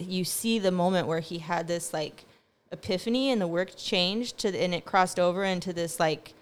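A woman's voice: on the low side, clear, resonant tone. A young woman talks in a loose, rambling monologue. She is sarcastic, swears freely and laughs often as she goes. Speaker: vlogger.

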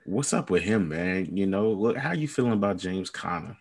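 A man with a deep, low voice co-hosts a relaxed podcast chat. He speaks in an easygoing, slightly hesitant way, with plenty of fillers. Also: moderate pace, husky. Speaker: podcast co-host. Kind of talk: casual fantasy football chat.

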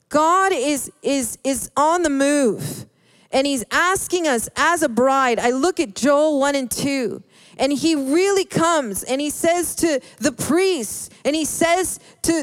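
A woman preaching a sermon in an earnest, halting way, often restarting her words. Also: sits high, no echo. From Hispanic background.

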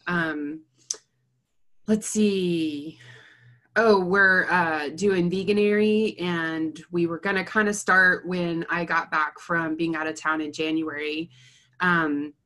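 Young woman therapist, slightly low voice, just rambling on casually w/ lots of laughs. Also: steady tone, takes it slowly, a bit bright. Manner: rambling, chatty, laughs often. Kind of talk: casual chat.

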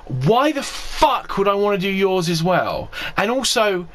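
A man's voice: sits high, big pitch swings, measured pace. Scottish-born guy ranting on a podcast, swearing, exasperated, voice jumping all over, slight hiss behind. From Scotland. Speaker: podcast co-host. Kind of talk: casual comedic rant.

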